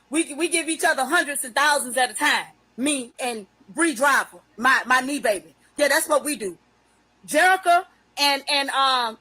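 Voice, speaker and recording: Woman going off on a phone livestream, cussing, bright sharp voice, high pitched. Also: poor audio. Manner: profane, confrontational, drawn-out emphatic phrases. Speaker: livestream host. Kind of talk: unscripted livestream rant.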